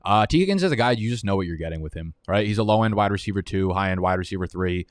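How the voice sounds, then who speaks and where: A man's voice: sits low, expressive, racing, no echo, studio quality. A man hosting a live fantasy football draft stream, talking in a profane, heated, rambling way.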